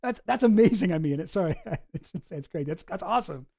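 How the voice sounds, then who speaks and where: This streamer talks in a dark, mellow tone over a dry, close sound. The chat is loose and excitable, with frequent laughter and casual swearing. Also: medium pitch, brisk, creaky, dry recording. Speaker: streamer reacting to a clip.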